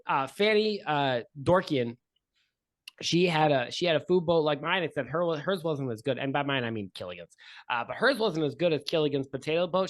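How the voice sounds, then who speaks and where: A man's voice: on the high side, no room sound, close to an everyday voice. A man playing a rambling, gossipy boat cook. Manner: rambling, chatty, full of hesitations. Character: gossipy nervous male boat pilot and cook.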